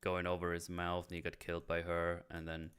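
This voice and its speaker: Deep-voiced man hosting a casual review. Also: monotone, fairly quick, fairly bright tone, smooth. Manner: rambling, trails off with low mumbles. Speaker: host. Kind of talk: casual movie review chat.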